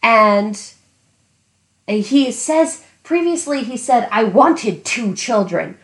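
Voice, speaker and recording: Woman ranting about a book, slightly high voice, echoey room, very animated. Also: slow. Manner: animated ranting, acting out her younger self. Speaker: podcast co-host. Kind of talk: casual book discussion.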